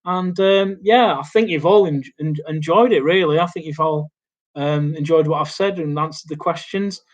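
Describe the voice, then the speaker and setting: A man's voice: fairly high pitch, moderate pace, muffled recording. Rambling man chatting at his laptop. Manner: rambling, hesitant, lots of ums and restarts. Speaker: YouTube host. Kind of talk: casual live Q&A chat. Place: small home studio indoors. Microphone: laptop mic.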